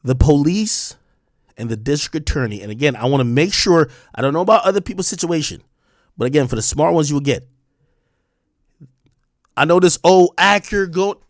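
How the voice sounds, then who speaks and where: A man's voice: on the high side, animated, a little fast, a bit bright, no room sound, clean studio sound. A man in his thirties hosting a livestream, talking straight to his chat in an emphatic, repetitive and defiant way with plenty of profanity. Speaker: streamer host.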